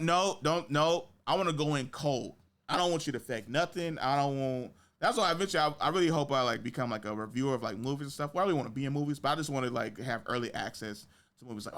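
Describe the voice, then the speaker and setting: A man hosting a podcast, telling stories in casual chat, slangy and swearing, acting out quotes with big jumps in his voice. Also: fast talker. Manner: animated storytelling, acts out quotes with big pitch jumps. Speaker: podcast host.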